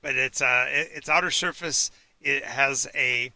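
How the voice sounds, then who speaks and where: A man serves as game master for a tabletop game on a live stream, his voice very bright and forward. He is recorded dry and close, with no room sound. He pauses and restarts a lot and fills the gaps with "uh" and "um". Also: medium pitch, no echo. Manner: halting, with many fillers and restarts. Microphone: home mic for a live stream.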